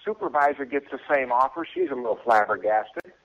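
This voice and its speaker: A man's voice: mid-range voice, expressive, a little fast, muffled recording, slight background noise. A man telling stories as a radio show guest, chuckling often and acting out what people said to him. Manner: chuckling, acts out quoted voices. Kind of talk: casual storytelling.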